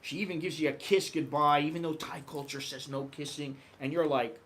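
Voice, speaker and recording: A man's voice: a little high, fairly quick. A middle-aged American man telling travel stories in a casual vlog monologue, acting out quoted voices. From United States. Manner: animated, acts out quoted voices. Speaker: vlogger.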